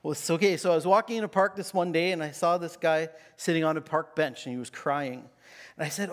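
High-voiced man preaching with a joke. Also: a little fast. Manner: casual, self-deprecating and joking. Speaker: pastor. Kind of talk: sermon. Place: church.

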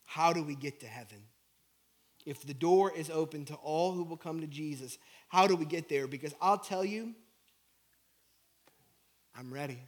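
A male pastor preaching a sermon, building with repeated rhetorical questions and then dropping to a hushed, intimate delivery. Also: on the high side, moderate pace.

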